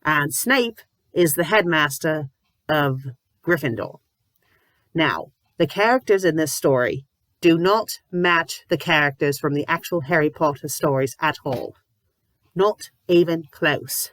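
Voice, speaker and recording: A woman with covid reviewing fanfiction in a comedic, exasperated rant, sometimes breaking into shouts. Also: low voice, expressive, a little slow, no echo. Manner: exasperated, ranting, bursts into shouting; says "bloody" often. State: sick with covid, a little loopy.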